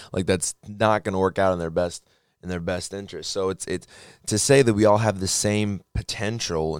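A man's voice: deep voice, no room sound, studio quality. A young man hosting his own podcast, talking casually about faith with joking asides and frequent restarts. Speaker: podcast host. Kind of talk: casual faith talk monologue.

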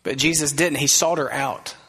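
Male pastor, mid-pitched, earnest conversational preaching, church hall echo. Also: moderate pace, husky. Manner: earnest, conversational preaching with soft quoted asides. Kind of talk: sermon. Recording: long reverb of a large hall.

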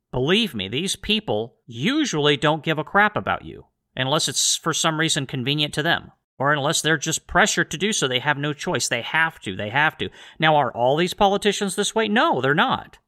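A man talks straight to his audience in a sarcastic, ranting monologue, piling up rhetorical questions. His voice sits a little high and has a sharp, bright edge. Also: very animated, normal speed, hardly any pauses. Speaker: political commentator.

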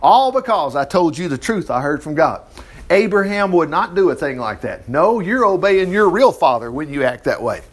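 Guy preaching through a bible passage, high voice, all over the place, keeps going wow and praise god. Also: moderate pace. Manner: animated, exclaiming and chuckling between verses. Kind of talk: sermon with scripture reading and commentary.

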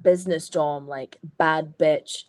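A woman's voice: deep voice, steady tone, takes it slowly. A Scottish woman, a podcast guest in casual chat, telling stories frankly with lots of swearing and "like". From Scotland.

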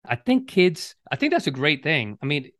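In studio-quality audio with no room sound, a male podcast co-host talks at a moderate pace in a fairly high, fairly bright voice with big pitch swings. The conversation is casual and thoughtful, and he keeps restarting and repeating words.

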